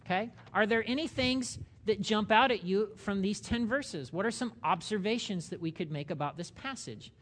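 A man's voice: high-pitched, lively intonation, normal speed, hardly any pauses, a bit bright. A middle-aged man leading a church Bible study, talking conversationally and asking the group questions as he teaches. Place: church meeting room.

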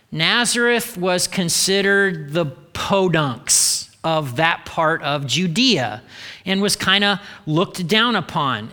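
A man's voice: sits high, sharp tone, big-room sound. A man preaching a sermon in a casual way with joking asides. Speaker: pastor.

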